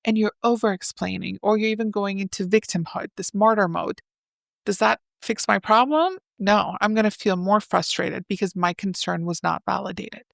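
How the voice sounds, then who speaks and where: A woman psychotherapist, a podcast guest, explaining relationship ideas in a lively way and acting out example lines. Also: medium pitch, moderate pace, gravelly, no room sound, studio quality. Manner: animated, acts out example dialogues. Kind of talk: explanatory interview talk.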